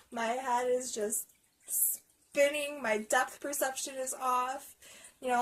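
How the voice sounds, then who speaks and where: Young woman, storytime vlogger, casual, heavy swearing, laughs often, slightly high voice. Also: fairly bright tone, low-quality recording. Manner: profane, laughing, rambling.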